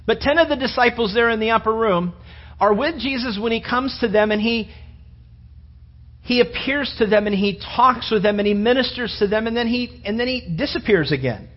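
Husky-voiced man preaching a sermon. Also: high-pitched, fairly quick, lo-fi sound. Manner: animated storytelling, acting out disciples' voices. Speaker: pastor.

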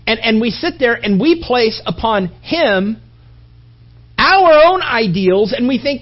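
A man's voice: high-pitched, very animated, moderate pace. A man preaching a sermon, telling stories animatedly and acting out voices and sound effects. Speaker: pastor. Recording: dull lo-fi recording.

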